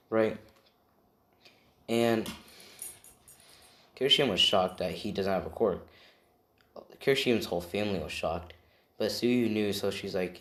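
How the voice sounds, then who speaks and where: A man's voice: on the low side, measured pace, long pauses, reverberant. A man improvising a fan story aloud, rambling and often correcting himself as he goes. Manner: rambling, self-correcting, tells it off the cuff.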